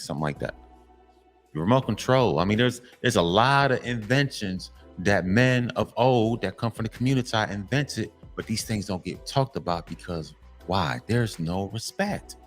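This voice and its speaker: On his own commentary channel, a man delivers a blunt, profane monologue aimed at men in a lowish voice at a brisk pace. He lectures emphatically, repeating his points for emphasis, with faint music playing behind him.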